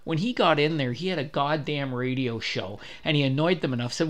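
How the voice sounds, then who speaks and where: A man's voice: medium pitch, normal speed, few pauses, a bit bright. A man co-hosting a podcast, ranting bluntly and swearing freely, with many restarts. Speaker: podcast co-host. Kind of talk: heated podcast rant.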